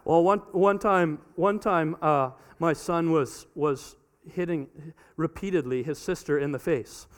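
High, smooth-voiced man preaching a sermon. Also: measured pace. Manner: animated storytelling, acts out family dialogue, often repeats words as he restarts. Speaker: pastor. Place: church hall before a congregation.

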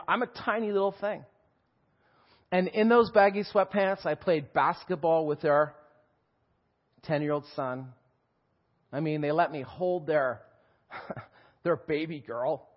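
A man in his forties tells his personal testimony in church, speaking in an emotional, animated way with laughter and swings in loudness. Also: high-pitched, dull audio. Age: 40s. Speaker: guest speaker giving testimony.

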